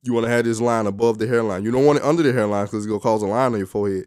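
A man's voice: lowish voice, fairly even intonation, very fast, few pauses, darkish tone, dry recording, clean studio sound. A young man giving a casual, joking hair tutorial, cursing freely and talking in loose street slang. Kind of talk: casual how-to demonstration.

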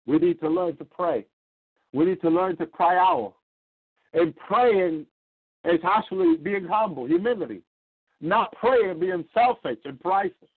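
Man, radio sermon, fervent and repetitive, highish voice, phone-line sound. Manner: fervent, repetitive, rising to cries. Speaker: preacher.

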